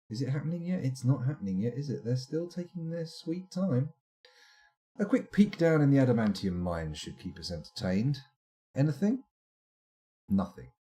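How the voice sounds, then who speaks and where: A man's voice: mid-range voice, sing-song, moderate pace, mellow. A man streaming a game live, chatting and rambling to himself as he plays. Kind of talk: live let's-play commentary.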